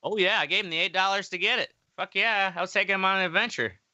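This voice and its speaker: A man's voice: high voice, quick pace, pushed and bright, no echo, dull audio. A man telling a long rambling story in casual podcast chat, full of fillers and quoted voices.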